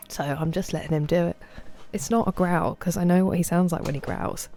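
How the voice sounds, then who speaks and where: A woman's voice: on the low side, fairly even intonation, moderate pace, few pauses, mellow. A woman in her thirties, a game streamer, chatting casually and rambling to her viewers about her dog. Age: 30s. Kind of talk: casual live-stream chat.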